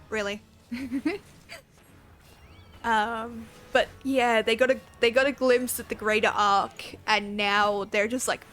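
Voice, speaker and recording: A woman's voice: fairly high pitch, a bit bright. A woman game streamer chatting casually and giggling, swearing now and then. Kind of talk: casual live-stream chat.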